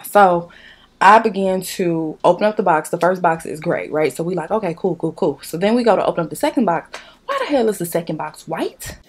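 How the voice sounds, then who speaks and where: A young female beauty vlogger with a lowish, brisk, slightly rough voice does her makeup at home while ranting through a casual storytime. She tells it in an animated, blunt, profane way, reenacting the dialogue.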